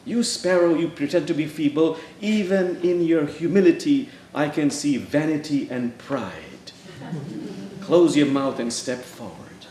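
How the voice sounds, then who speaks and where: A man's voice: on the high side, a little slow, dark tone, a little hiss or hum, natural voice. A man voicing a stern, wise male hoopoe bird who acts as a prophet, speaking solemnly and rebuking others in a sermon story. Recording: echoey church room.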